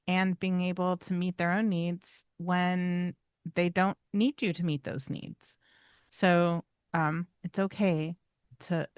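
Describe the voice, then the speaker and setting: A woman's voice: lowish voice, smooth, no echo, clean studio sound. A woman co-hosting a pet behavior podcast, explaining ideas in a bubbly way and laughing often. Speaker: podcast co-host, animal behavior trainer. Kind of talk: casual chat.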